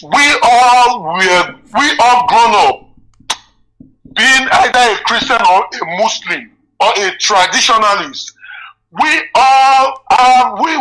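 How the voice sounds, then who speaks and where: A man's voice: very high voice, pushed and bright, low-quality recording. A man calling in to a live show, deferential and addressing the host as sir. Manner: deferential, says sir often. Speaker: caller. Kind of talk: phone-in talk.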